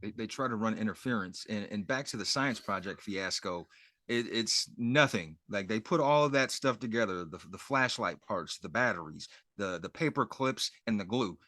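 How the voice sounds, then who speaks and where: A man co-hosts a casual podcast, his voice bright and ringing with lots of rise and fall. The sound is close and dry, with no room around it. He walks through the plot step by step. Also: fairly low pitch, moderate pace, dry recording. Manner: animated storyteller, retelling plot beat by beat. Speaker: co-host. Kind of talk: casual podcast chat recapping a TV episode.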